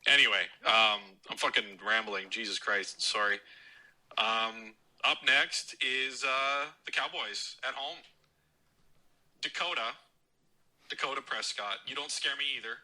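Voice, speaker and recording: A man's voice: mid-range voice, fairly even intonation, measured pace, sharp tone, low-quality recording. A man leaving a voicemail, ranting about football and swearing constantly in a mocking, heated tone. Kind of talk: profane fan rant.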